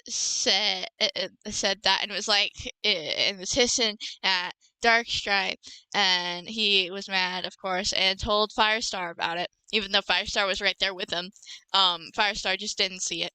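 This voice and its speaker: Young woman rambling thru a book recap on her podcast, bright clear voice, dry close sound. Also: medium pitch, steady tone, unhurried, no room sound, rough recording. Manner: rambling, self-correcting, giggly. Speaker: podcast host. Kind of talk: casual book recap chat.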